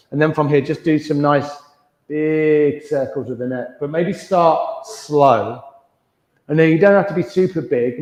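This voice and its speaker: Calm male yoga instructor in a roomy hall. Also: medium pitch. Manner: calm, slow, soothing cues. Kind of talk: guided yoga class instruction. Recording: dull, roomy sound with long reverb.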